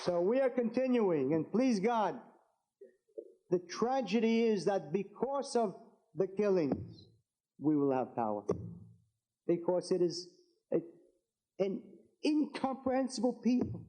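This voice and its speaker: Male rabbi addressing a rally crowd, high and very lively pitch, fervent, hammers home repeated lines. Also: measured pace, pauses often, rough recording. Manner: fervent, repetitive, builds to emphatic declarations. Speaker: rabbi and political speaker. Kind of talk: impassioned political speech to an audience.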